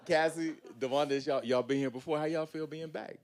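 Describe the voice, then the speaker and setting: A man's voice: a little high, a little fast. Upbeat man hosting a live panel. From United States. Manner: energetic, preacher-like hype with casual slang. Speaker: panel host. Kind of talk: live panel introductions and moderating.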